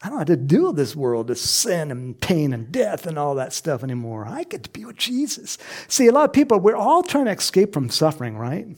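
Animated husky male preacher. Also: fairly high pitch, fairly quick, hardly any pauses. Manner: animated, acts out voices, laughs often. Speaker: pastor. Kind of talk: sermon.

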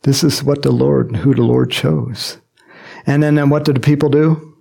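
A man preaching a sermon in a lively, joking manner, acting out quotes and adding chuckling asides as he explains a Bible passage. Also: medium pitch, moderate pace, gravelly, husky. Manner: animated and jokey, acts out quotes, frequent chuckles and asides.

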